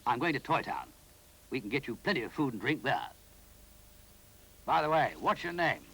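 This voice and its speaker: A fussy, cross brownie who talks in a brisk, bossy way, voiced by a man reading a storybook. He scolds easily and lectures the people around him. His voice rises and falls a lot. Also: mid-range voice, very animated, a bit bright, husky, voice pushed up, exaggerated voice. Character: Big Ears, cross fussy old brownie.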